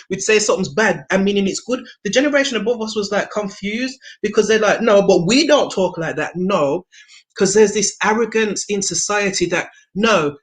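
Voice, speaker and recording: Animated slangy woman from England. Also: medium pitch. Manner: animated, slangy, thinks aloud with fillers. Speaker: guest. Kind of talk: casual video chat.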